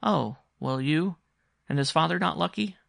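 A man's voice: fairly high pitch, moderate pace, vocal fry, fairly bright tone, no room sound, clean studio sound, pitched above the performer's own voice. A man doing an eager, questioning young boy. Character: curious, insistent young boy.

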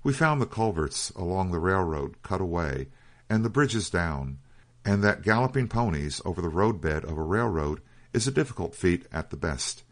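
A man narrating a written story in a measured, steady storytelling reading. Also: low voice. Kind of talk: scripted audiobook narration.

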